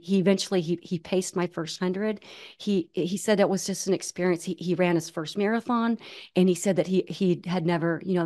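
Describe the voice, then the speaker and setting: A woman in her forties tells a personal story as an interview guest. Her voice sits slightly low, and she talks in an animated way with frequent restarts. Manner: animated, many restarts, acts out quoted voices. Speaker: guest, ultramarathon runner.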